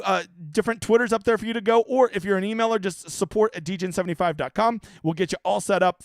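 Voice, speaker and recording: A man's voice: high voice, dry recording, studio quality. A man hosting a fantasy sports stream, casually answering chat questions in a loose, profane, joking way with frequent stammers.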